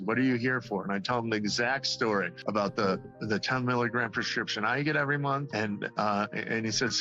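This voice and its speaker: A man's voice: mid-range voice, sharp tone, lo-fi sound. Man in his forties telling a story. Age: 40s. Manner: rambling, aggrieved, acts out dialogue. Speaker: interviewee. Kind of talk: casual storytelling interview.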